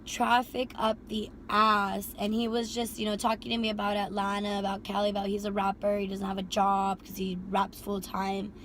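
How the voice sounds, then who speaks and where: A young woman casually telling a storytime about her driving job, animated, swearing freely and filling with "like". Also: mid-range voice, normal speed, hardly any pauses, a little hiss or hum. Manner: animated, heavy swearing and filler "like". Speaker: rideshare driver and vlogger.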